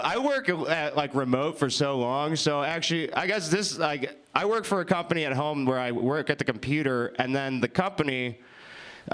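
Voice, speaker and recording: A man's voice: a little high, a bit bright, smooth. Rambling, swearing young male comic. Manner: rambling, swearing, laughing at himself. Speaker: improv comedian. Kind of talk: improvised stand-up set. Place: winery comedy show with live audience.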